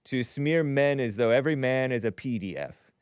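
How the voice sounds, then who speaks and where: A man's voice: mid-range voice, animated, moderate pace, clear, resonant tone, dry recording. A man hosting a call-in talk show, musing aloud in a wry way and often trailing off.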